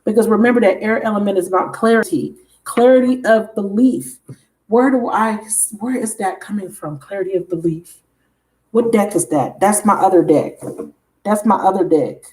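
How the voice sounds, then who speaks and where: A woman reads tarot cards for her viewers in a loose, excited way, cursing often and leaning hard on her words. She talks straight to her audience with a mid-range voice. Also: mid-range voice, moderate pace. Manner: excitable, emphatic, swears freely, addresses viewers directly. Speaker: tarot reader. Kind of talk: casual tarot reading to camera.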